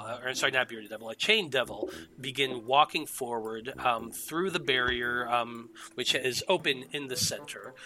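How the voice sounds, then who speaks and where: Bright-voiced man running a tabletop game. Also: mid-range voice. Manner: loose, filler-heavy narration. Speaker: game master.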